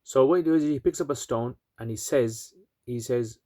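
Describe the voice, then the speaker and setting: A man's voice: medium pitch, brisk, warm tone, no room sound, clean studio sound. Chatty man retelling a story. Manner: chatty, filler-heavy, asides to listeners. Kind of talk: casual religious storytelling.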